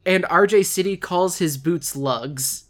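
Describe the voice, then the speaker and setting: Joking fast-talking male podcast host. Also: high-pitched, a crowd in the background. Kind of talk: casual podcast chat.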